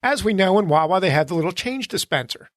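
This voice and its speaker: Podcast co-host, male, high voice, worked-up storyteller, swears a lot. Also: fast talker, no room sound, clean studio sound. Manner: animated ranting storyteller, swears freely. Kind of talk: casual chat.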